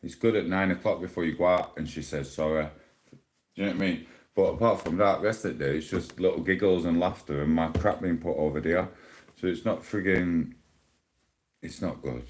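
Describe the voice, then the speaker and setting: Very deep-voiced man griping. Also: fairly quick. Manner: rambling, complaining, exasperated. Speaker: live streamer. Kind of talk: casual live stream chat. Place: at home.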